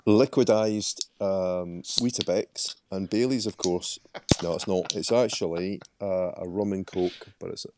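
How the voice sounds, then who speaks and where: Very deep male voice, deadpan delivery, noisy line with clicks. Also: a little slow. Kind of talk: casual chat.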